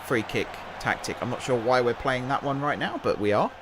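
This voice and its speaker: A young man giving relaxed, chatty commentary over a football management game, thinking aloud between match calls. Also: medium pitch, a little fast, noisy background. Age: young adult. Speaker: gaming YouTuber and streamer. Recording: game music playing under the voice.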